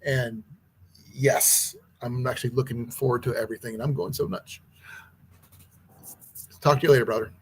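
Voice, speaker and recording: A man hosting an outdoors channel who teaches archery, talking in a casual, rambling livestream chat with a hoarse, husky voice. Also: medium pitch, steady tone, normal speed, long pauses, slight background noise. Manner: rambling, chatty, with many restarts.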